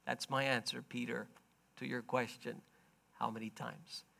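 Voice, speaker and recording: A man preaching a sermon, retelling a story in plain words and swinging from quiet murmurs to loud, emphatic bursts. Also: mid-range voice, level tone, unhurried, gravelly. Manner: stops to explain in plain everyday words.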